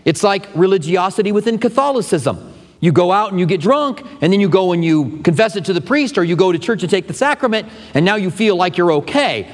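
A pastor with a fairly high voice preaches in a relaxed, conversational way, turning aside now and then to speak straight to his congregation. He is teaching through a book of scripture. His words ring out with a long reverb from the church sanctuary. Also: brisk. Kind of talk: expository sermon.

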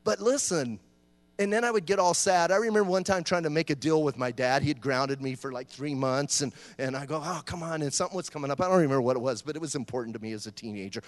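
A middle-aged man preaching a sermon in a lively, conversational way, joking and acting out voices. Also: medium pitch, fast talker, no echo, in a large hall. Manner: animated, conversational preaching with jokes and acted-out voices. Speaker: pastor.

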